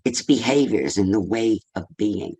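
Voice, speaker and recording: A man's voice: fairly low pitch, measured pace, warm tone, slightly rough. An older man giving an informal talk on love and feelings to a senior audience, conversational and full of rhetorical questions and tag questions. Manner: conversational, asks rhetorical questions, tags with "right?". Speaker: speaker on relationships.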